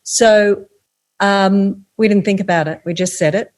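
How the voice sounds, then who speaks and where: Older aussie lady telling a story in an interview, steady and matter-of-fact. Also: mid-range voice, a little slow. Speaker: guest, author and speaker.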